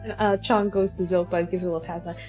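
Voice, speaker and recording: A woman playing in a tabletop game, telling the scene in an animated way with lots of "like". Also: fairly low pitch, racing, over music. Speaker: player. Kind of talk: casual tabletop game chat.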